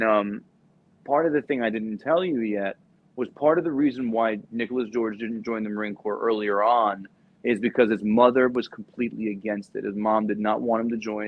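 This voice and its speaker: A young adult man, a former Marine recruiter, telling a profane story casually and acting out the voices of the people in it. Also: fairly low pitch. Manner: animated, profane, acts out quoted voices. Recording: dull lo-fi podcast audio.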